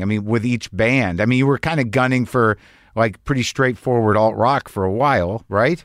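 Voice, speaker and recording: A man's voice: medium pitch, moderate pace, fairly bright tone, dry recording. Man interviewer with a dry sound. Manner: probing, casual questions with "you know". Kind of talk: conversational interview.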